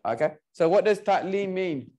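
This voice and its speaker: A man teaching an Arabic class online, playful and coaxing, repeating words slowly for his students. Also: high-pitched, lively intonation, darkish tone.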